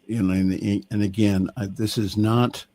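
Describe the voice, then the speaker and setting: A male minister filling in as co-host, speaking in a measured conversational way, often saying "again" and "you know". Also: fairly low pitch, flat delivery, warm tone, a little hiss or hum. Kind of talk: casual conversation on a call. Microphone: video call.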